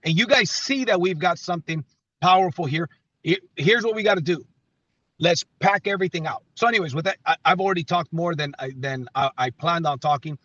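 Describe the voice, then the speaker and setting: A man's voice: a little high, fairly quick, fairly bright tone, no echo, highs cut off. A man leading a team call with an emphatic motivational pep talk, repeating phrases and restarting sentences. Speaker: company leader on a team call.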